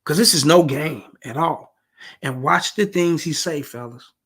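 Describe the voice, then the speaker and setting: Gravelly, husky-voiced man giving dating commentary. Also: a little high, a little slow, fairly bright tone. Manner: slangy, emphatic, keeps addressing the listeners as fellas and bro. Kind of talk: casual reaction commentary.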